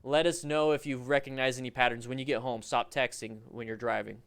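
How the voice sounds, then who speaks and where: Commenting on riding clips during a livestream, this motorcycle coach speaks in a clean, medium-pitched voice at a fairly quick pace. His talk is lively and jokey, wandering and restarting often.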